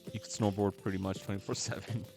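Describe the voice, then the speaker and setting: A male streamer talks casually over a game, his voice sitting a little low. He jokes and stumbles cheerfully as he reads text aloud. Soft music plays faintly in the background. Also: flat delivery, fast, gravelly. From United States. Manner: chatty, joking, fumbles while reading aloud. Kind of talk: casual chat while gaming. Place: at home, gaming live. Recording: music playing faintly behind.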